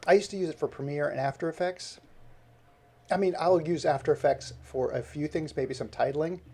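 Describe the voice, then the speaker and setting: A man's voice: fairly high pitch, normal speed, vocal fry, warm tone, slightly rough. A man live-streaming while he edits video, talking to himself as he works and greeting viewers by name in a casual, chatty way.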